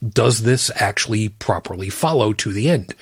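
A man's voice: lowish voice, lively intonation, normal speed, breathy edge, no echo, clean studio sound. A man co-hosting a casual podcast panel chat, blunt and profane as he explains his point. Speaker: podcast co-host.

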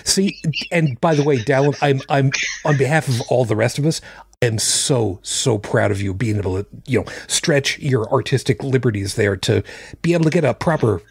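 A man's voice: mid-range voice, normal speed, breathy edge, dry recording. A male podcast host chatting casually in a wry, joking way. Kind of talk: casual chat.

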